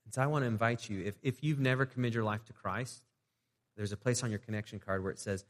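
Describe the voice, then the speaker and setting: A male pastor preaching in a relaxed, conversational way, stumbling and restarting now and then and acting out little prayers to show how it's done. His voice sits in a middle register and carries a long reverb off the church walls. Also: medium pitch. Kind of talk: sermon.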